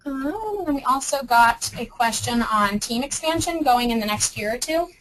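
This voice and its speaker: A woman's voice: fairly high pitch, expressive, normal speed, fairly bright tone, slight background noise, rough recording. Chatty young woman presenting a webinar. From Arizona. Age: young adult. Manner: chatty, upbeat, many ums. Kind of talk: casual webinar talk.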